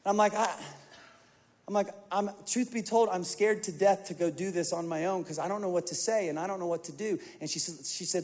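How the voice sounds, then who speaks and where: High-voiced pastor preaching in a big hall. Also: male voice, brisk. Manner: animated storytelling, swings from hushed to emphatic. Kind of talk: sermon. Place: large church auditorium. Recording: long reverb of a large hall.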